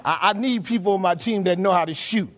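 Male pastor, sermon, very high-pitched, shouts and asides to the pews. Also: brisk. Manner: preaches with shouted emphasis and sudden drops to a low murmur; questions the congregation directly.

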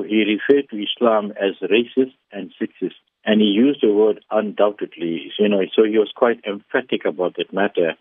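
A man's voice: lowish voice, no echo. A man, a former councillor giving a radio interview by phone, speaking formally and emphatically with frequent stumbling restarts. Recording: tinny dry phone line.

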